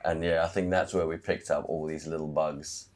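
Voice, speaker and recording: A man talks in a relaxed, casual way. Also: rumbling low, normal speed. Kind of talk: casual chat.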